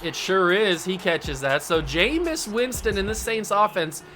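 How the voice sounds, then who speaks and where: A bright, high-voiced man calling his own football video game as it plays. He is animated and jokey, and he breaks into mock outrage, with faint music behind him. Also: a little slow. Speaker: gaming YouTuber host. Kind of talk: live gameplay commentary.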